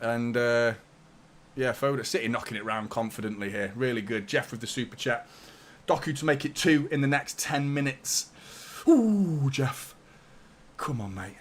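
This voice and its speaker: A mid-range male voice at normal speed comes through with a little hiss or hum. A young fan channel host, he gives casual live watchalong commentary on a match, swearing a lot and reading out viewer super chats.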